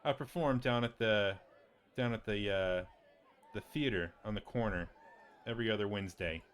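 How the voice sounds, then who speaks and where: A grandiose young wizard, as a man puts him on for a tabletop game, plugging his magic show. He boasts in a lowish voice with a self-important swagger. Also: normal speed, a bit bright, smooth, a faint crowd, natural voice. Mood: showy.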